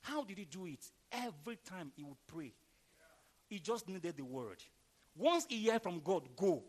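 A male pastor preaching a sermon with emphasis, calling on the congregation to respond and reading scripture aloud in a slow, drawn-out cadence. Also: high voice, sing-song.

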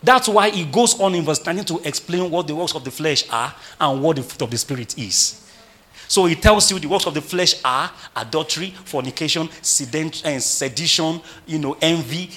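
Preaching to his congregation, this pastor speaks in a voice on the high side, animated and packed with rhetorical questions throughout the sermon.

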